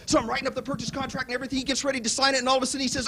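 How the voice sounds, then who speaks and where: A man giving a motivational real estate seminar pitch to a live audience, telling stories and acting out both sides of the dialogue. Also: racing, gravelly, few pauses, a little hiss or hum. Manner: animated storytelling, acts out both sides of dialogue. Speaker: seminar speaker.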